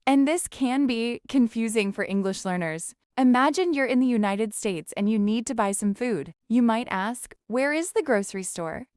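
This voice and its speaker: Woman doing an english lesson podcast, clear smooth voice, a bit high, dead dry room. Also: a little mellow, no room sound. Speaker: podcast co-host teaching English. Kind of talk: scripted educational narration.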